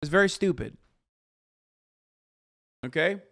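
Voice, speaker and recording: A man's voice: a little high, animated, slow pace, sharp tone. A man hosting a live stream, ranting casually and heatedly at his chat, swearing often and mocking his critics in put-on voices. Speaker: streamer host. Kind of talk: casual political rant to chat.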